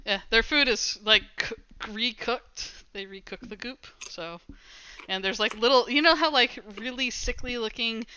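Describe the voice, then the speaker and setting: A woman game master describing scenes in a loose, chatty way, with a laugh now and then. Her voice is bright and clear, and the mic sounds a little dull. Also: fairly high pitch, measured pace. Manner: casual, chatty, laughs often. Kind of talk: narrating a tabletop game.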